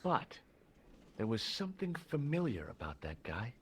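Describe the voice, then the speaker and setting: An actor playing a wry, dry-humored American tourist hero who also narrates the game. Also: male voice, medium pitch, wildly swooping pitch, normal speed, a bit bright, slight background noise.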